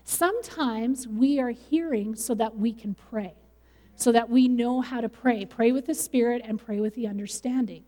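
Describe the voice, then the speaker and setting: A woman's voice: on the high side, moderate pace, dark tone. Woman preaching in a reverberant church hall. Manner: conversational preaching with light laughs. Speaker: pastor. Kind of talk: sermon.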